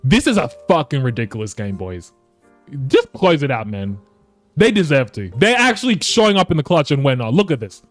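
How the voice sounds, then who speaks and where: A young man giving casual, frustrated commentary over a basketball video game, cursing and swinging from low mutters to loud outbursts. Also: sing-song, fairly quick, no room sound, soft background music. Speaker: gaming YouTuber.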